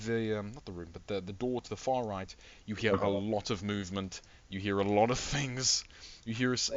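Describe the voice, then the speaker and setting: A man serves as game master, painting the scene in loose, meandering sentences that keep doubling back. His voice sits slightly low. The mic sounds muffled and lo-fi. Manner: rambling, self-correcting descriptions. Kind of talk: narrating a tabletop game.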